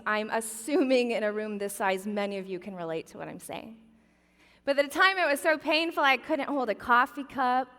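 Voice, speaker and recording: Speaking as a guest at a church Christmas event, a high-voiced woman in her forties shares a humorous personal story with the crowd. She sounds bright, chatty and self-mocking, and the large auditorium leaves a long reverb trailing after each phrase.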